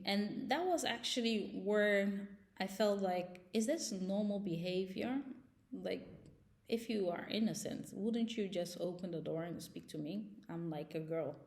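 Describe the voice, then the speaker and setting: A woman's voice: medium pitch, a little mellow. A young woman vlogger telling a personal story in a casual, agitated and emotional way.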